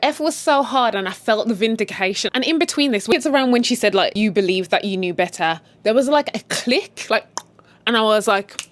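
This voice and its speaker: A woman's voice: a little high, expressive, a little fast, no room sound. A British woman from the UK casually retelling a drama series, chatty and blunt, slipping into quotes and swearing. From United Kingdom. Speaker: series recap host.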